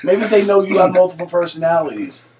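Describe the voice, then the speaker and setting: A man's voice: high voice, animated, quick pace, darkish tone, slight background noise. A man co-hosting a casual chat show, talking loosely, joking, swearing and laughing often. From East Coast of the United States. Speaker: co-host.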